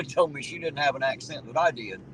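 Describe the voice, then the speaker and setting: A man with a fairly high, fairly bright voice talks at a moderate pace while driving, hosting a casual livestream from his car. He rambles in a folksy way and reads viewer comments aloud from the chat. The low-quality recording carries road noise behind him.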